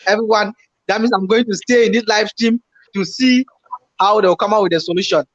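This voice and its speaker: A man tells a story in relaxed chat. He acts out his own past panic, repeating himself in excited bursts. The recording is slightly dull and lo-fi. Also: high voice, a little fast. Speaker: YouTuber co-host.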